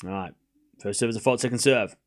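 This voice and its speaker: A man's voice: lowish voice, fast talker. A man hosting a live tennis watchalong stream, rambling casually with lots of "you know" and restarts. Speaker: host.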